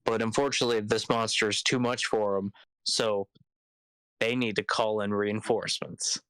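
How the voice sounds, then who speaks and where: A man's voice: lowish voice, level tone, normal speed, fairly bright tone, smooth, no echo, rough recording. A man co-hosting a podcast, walking through plot points in casual chat, sometimes tripping over his words. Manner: rambling, stumbles over words. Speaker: podcast co-host.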